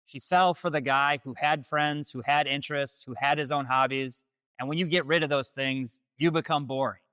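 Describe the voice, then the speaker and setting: A man's voice: a little high, steady tone, moderate pace, sharp tone, smooth, no room sound, studio quality. A man hosting, delivering scripted dating-advice commentary in a direct, declarative way. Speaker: host.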